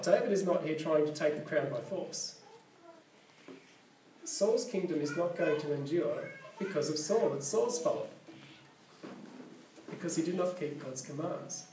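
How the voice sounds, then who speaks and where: Man, sermon, fairly high voice, mellow tone, reads scripture then chats about it, echoey hall, off-mic. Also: recorded from a distance, slight background noise. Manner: conversational, corrects himself mid-sentence. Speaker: preacher. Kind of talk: sermon with Bible reading and commentary.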